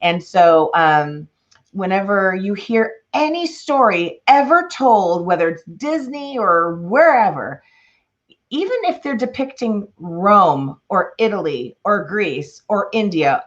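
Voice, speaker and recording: A woman's voice: medium pitch, dull audio. A woman from Chicago with a Chicago accent, an author talking expressively about her books in an interview. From Chicago, Illinois. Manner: expressive, animated, laughs often. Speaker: author and guest. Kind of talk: interview conversation and reading aloud.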